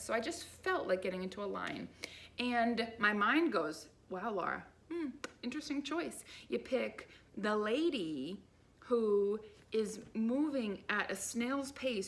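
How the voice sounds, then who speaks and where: Woman life coach, casual storytelling to camera, animated and chatty. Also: mid-range voice. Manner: chatty and animated, lots of "like" and "right?".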